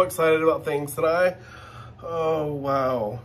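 A man hosting a casual unboxing vlog, gushing and excitable as he talks straight to his viewers. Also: fairly high pitch, slow, a little hiss or hum. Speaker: channel host.

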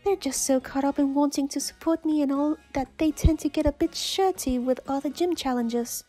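A woman voicing a cool young female rival trainer in an attempted British accent, reading game dialogue aloud in a calm, apologetic way. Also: high voice, normal speed, faint music behind, pitched above the performer's own voice, natural voice.

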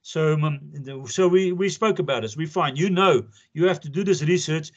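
A man's voice: a little high, moderate pace, highs cut off. A man giving a recorded law lecture, talking in a conversational way and repeating his points for emphasis. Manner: repetitive, emphatic, conversational teaching.

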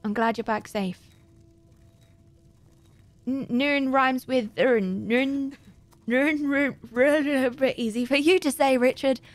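A woman's voice: sits high, fairly even intonation, takes it slowly, long pauses, no room sound, faint music behind. A woman livestreaming a video game, rambling in a playful, self-mocking way to her chat. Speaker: livestreaming gamer. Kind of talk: casual gaming commentary.

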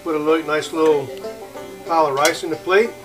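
A man's voice: on the high side, steady tone, fairly quick. A man cooking as a guest, explaining his dish in a plain, matter-of-fact way. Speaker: guest cook. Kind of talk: casual cooking demonstration. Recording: roomy, from a distance, banjo music. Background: banjo music.

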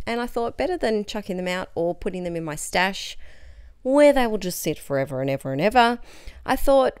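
A woman's voice: medium pitch, smooth, no echo, clean studio sound. A young adult woman teacher chatting through her scrapbooking project as a casual craft voice-over, bubbly and enthusiastic.

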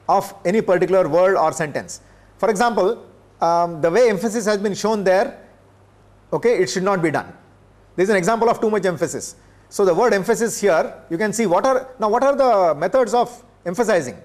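An older man from India, giving a classroom lecture in a measured way, pausing often with filler sounds. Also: high voice, animated, a little mellow. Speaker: professor. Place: lecture room.

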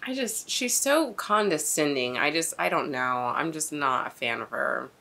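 A woman hosting a casual reaction video, expressive and swearing freely as she reacts. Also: sits low, moderate pace, creaky, soft background music. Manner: expressive, swears, laughs often.

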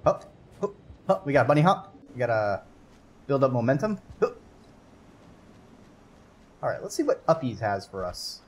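This game streamer talks at a moderate pace in a medium-pitched voice, leaving long pauses. He gets excitable in his casual commentary to himself and his viewers, swearing and yelping as events play out on screen.

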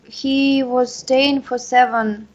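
Russian woman student on a video call, high voice, slow, searching for words. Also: fairly even intonation, muffled recording.

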